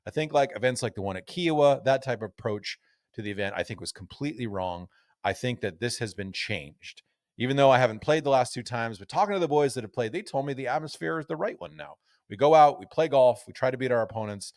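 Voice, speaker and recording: A man co-hosting a golf podcast in a casual, chatty tone, often reading old newspaper quotes aloud. His voice sits at a middling pitch, and the recording is close and dry with little room sound. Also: expressive, quick pace, dry recording. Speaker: podcast co-host.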